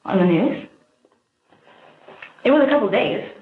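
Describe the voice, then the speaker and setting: A woman in a police interview, animated, her speech pressured and rushed. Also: mid-range voice. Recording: tinny, echoey interview room audio.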